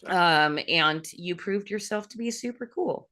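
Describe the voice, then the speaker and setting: A woman hosting a casual livestream interview over a video call, chatty and quick to laugh, with a bit of casual swearing. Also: lowish voice, pushed and bright. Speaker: host.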